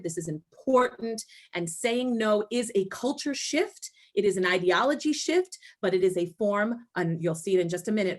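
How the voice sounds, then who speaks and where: A woman presenting a webinar for teachers, talking emphatically and acting out what people might say, over a video call. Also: mid-range voice. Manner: emphatic, animated, acts out voices. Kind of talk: energetic webinar talk.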